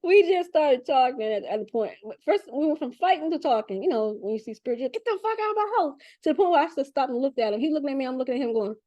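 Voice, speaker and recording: A woman giving a casual spiritual reading in an animated, chatty and profane way. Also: sits high, fast, hardly any pauses, dry recording. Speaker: spiritual reader.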